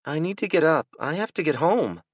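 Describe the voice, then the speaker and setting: A man's voice: a little high, very animated, fairly quick, no room sound, voice pushed up. A man voicing an injured, dazed young woman who speaks with urgency. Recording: dull, dry lo-fi recording.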